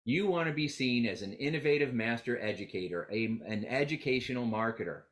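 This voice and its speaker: A man's voice: medium pitch, brisk. A man presenting a live motivational seminar on getting clients, telling stories with acted-out quotes and calling on the audience to repeat after him. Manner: energetic, animated storytelling with quoted dialogue.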